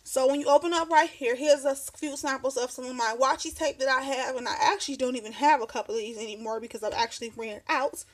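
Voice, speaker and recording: High-voiced chatty woman vlogger. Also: fairly even intonation. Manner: chatty, rambling, quick to laugh. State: slightly out of breath. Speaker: craft vlogger. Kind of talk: casual show-and-tell chat. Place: home craft desk.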